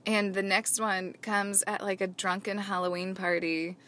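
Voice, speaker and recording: A woman's voice: mid-range voice, flat delivery, unhurried, fairly bright tone. A woman telling a frank, comic personal story in casual chat, acting out the people she quotes. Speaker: podcast guest.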